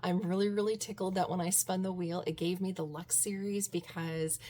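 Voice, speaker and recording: A woman talking casually about books in her vlog, gushing and excitable, breaking into squeals and laughter. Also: lowish voice, normal speed, a little hiss or hum. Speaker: book vlogger. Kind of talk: casual book review vlog.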